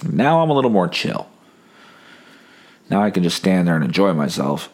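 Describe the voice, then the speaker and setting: A man's voice: low voice, sing-song, moderate pace, a little mellow. A sick young man hosting a casual solo podcast, telling wry, rambling stories while holding back coughs. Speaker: podcast host.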